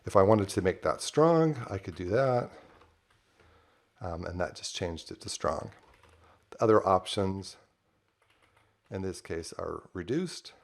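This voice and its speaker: A man casually walking through a software demo on screen, talking loosely with lots of fillers. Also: low-pitched, expressive, a little slow, pauses often. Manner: loose and conversational with frequent fillers. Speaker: software developer demoing a project. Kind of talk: casual screen-share tutorial.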